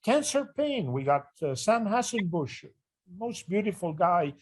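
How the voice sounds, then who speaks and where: An older man talks through his career in a fairly high voice, speaking earnestly. He often restarts a phrase as he gathers his memory, and his tone stays reflective throughout the interview. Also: very animated, unhurried. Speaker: retired neurosurgery department chair, interview guest.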